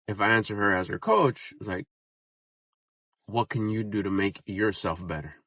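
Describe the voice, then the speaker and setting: A man's voice: fairly low pitch, expressive, moderate pace, long pauses, fairly bright tone, no room sound, low-quality recording. A man in his fifties vlogging casually while out running errands, talking in a rambling, reflective way with frequent restarts. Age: 50s. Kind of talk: casual vlog chat.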